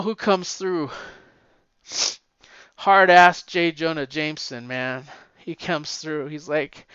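A man casually retelling a comic book plot, excitable and emotional, swearing freely. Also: on the high side, slow pace, smooth, dry recording, muffled recording.

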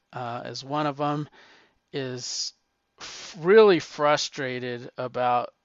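A man's voice: mid-range voice, a bit bright, clean tone, no echo, highs cut off. A man hosting his own show, rambling casually and eagerly retelling stories with quoted lines. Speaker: comic book podcast host.

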